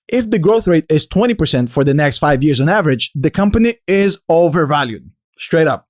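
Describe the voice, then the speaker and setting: A man's voice: on the high side, a little mellow. A man with a delivery hosting a casual stock analysis vlog, confidently explaining and answering his own questions. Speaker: finance video host.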